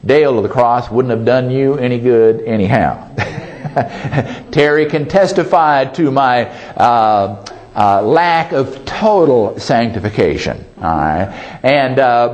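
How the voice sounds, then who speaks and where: A man's voice: medium pitch, expressive, takes it slowly, a little mellow. A male pastor preaching a sermon in a folksy way, often asking the congregation "Amen?" and joking at his own expense. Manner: self-deprecating humor.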